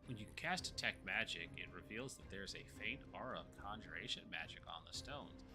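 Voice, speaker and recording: A man's voice: fairly low pitch, animated, fairly quick, gravelly, music in the background. A man running a tabletop game as game master, loose and joking.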